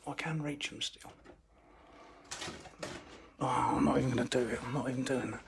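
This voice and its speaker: A man's voice: medium pitch, steady tone, moderate pace, vocal fry, pauses often, noisy background. A man with an English accent, chatting casually on a live stream outdoors by a fishing lake. He rambles and interrupts himself. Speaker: fishery owner streaming live.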